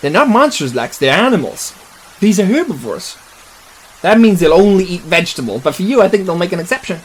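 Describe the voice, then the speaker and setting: A man voicing a calm, protective paleontologist who gives reassuring instructions. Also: high voice, brisk. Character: steady male paleontologist, protective. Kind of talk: comedic script reading.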